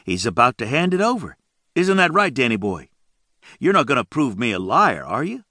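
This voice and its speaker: A man's voice: mid-range voice, very animated, moderate pace, pushed and bright, dry recording, clean studio sound, voice pushed up, heavily acted. A man voicing a menacing young male drug dealer who drawls and taunts. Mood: mocking.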